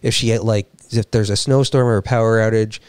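A man co-hosting a casual livestream chat, telling stories with animated quoted lines. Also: on the low side, fairly quick, clean tone, no echo. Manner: animated storyteller, acts out quotes. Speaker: co-host.

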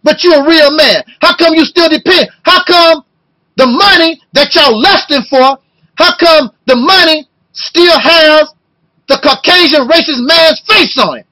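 A man in his fifties delivering an impassioned video rant, talking loud and emotional and firing off rhetorical questions. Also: very high-pitched, a little slow, low-quality recording. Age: 50s. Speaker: video blogger.

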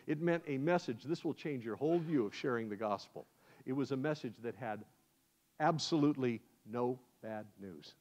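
An American man, a guest preacher, telling a sermon as a lively first-person story. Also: mid-range voice, moderate pace. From United States. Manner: animated, acts out scenes in first person. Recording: dull lo-fi sound.

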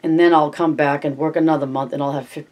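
A man voicing a hardened ranch worker in a read-aloud story, with plain rough dialect speech. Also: on the high side, steady tone, fast, a little mellow, close to an everyday voice. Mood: grim.

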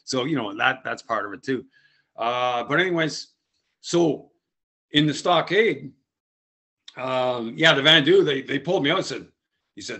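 A man's voice: mid-range voice, expressive, moderate pace, sharp tone. A man from Canada with a Canadian accent tells a rambling personal story, full of digressions and restarts. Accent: Canadian English. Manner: digressive, frequent restarts and tag "eh?".

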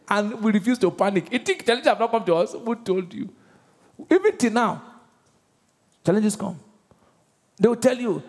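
A Nigerian man preaching with a high, lively voice that swings widely in pitch, calling questions out to his congregation. His tone is husky, and a long reverb from the big church hall trails each phrase. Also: moderate pace, long pauses. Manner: animated call-and-response preaching. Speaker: pastor. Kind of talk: sermon. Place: large church auditorium.

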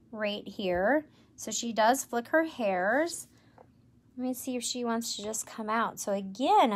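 A woman educator presenting tarantulas in a live stream, enthusiastic and gentle, cooing at the animals. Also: on the high side. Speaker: insect zoo educator. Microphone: livestream camera mic.

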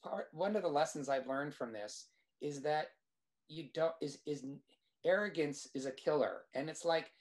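A man, a screenwriter guest, telling a lively anecdote in casual chat, with restarts and quoted dialogue. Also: fairly high pitch, moderate pace. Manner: animated anecdote teller, restarts.

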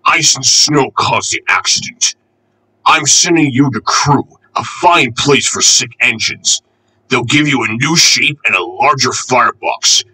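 A man's voice: medium pitch, measured pace, bright, forceful tone, husky, exaggerated voice, poor audio. A man voicing a hearty, reassuring railway boss in a children's storybook. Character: cheery stout railway boss.

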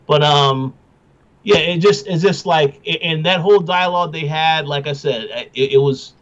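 Brief: male co-host, higher-pitched, halting, lo-fi dull recording. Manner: halting, restarts often while giving opinions. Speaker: podcast co-host. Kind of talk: casual recap chat.

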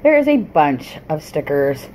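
A woman's voice: sits low, very animated, warm tone, slight background noise. Chatty woman rambling through a shopping haul. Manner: chatty, rambling, apologetic, frequent pauses and restarts. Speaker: vlogger. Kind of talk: casual haul vlog. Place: cluttered home.

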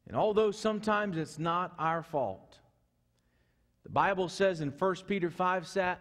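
A male pastor preaching a sermon earnestly, moving from loud urgency to soft, hushed passages. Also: high-pitched, measured pace. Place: church sanctuary. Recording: echoey church hall.

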